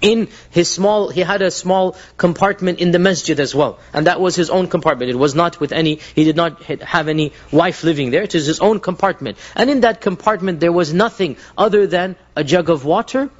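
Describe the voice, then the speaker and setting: A man with a fairly high voice gives an earnest religious lecture, telling stories to a live audience. He often restarts his sentences and drops Arabic phrases in as he goes. The recording sounds dull and lo-fi. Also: a little fast, hardly any pauses.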